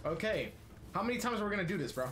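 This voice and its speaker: A man giving cursing, excitable commentary while playing a game. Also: high voice, rapid-fire, background noise. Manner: profane, excitable reactions. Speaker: gamer streamer. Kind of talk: let's play commentary. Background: game music.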